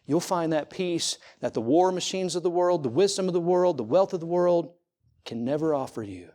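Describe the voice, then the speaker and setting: Preaching at a service, this middle-aged man leans on repeated rhetorical questions and shifts from ringing, loud lines to hushed ones; his fairly high voice has lively intonation and a normal pace.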